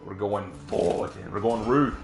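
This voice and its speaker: A man's voice: fairly low pitch, unhurried, vocal fry. A man chatting casually while streaming a game, laid-back, often chuckling and repeating himself. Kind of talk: casual gaming stream chat. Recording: roomy sound with music behind.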